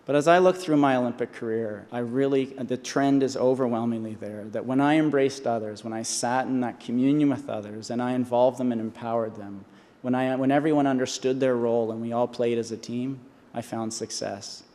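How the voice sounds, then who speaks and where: A man's voice: mid-range voice, fairly even intonation, a little fast, few pauses, warm tone. A man in his forties giving an earnest commencement speech from a podium, often restarting and repeating himself. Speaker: honorary doctorate speaker. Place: large convocation hall. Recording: long hall reverb.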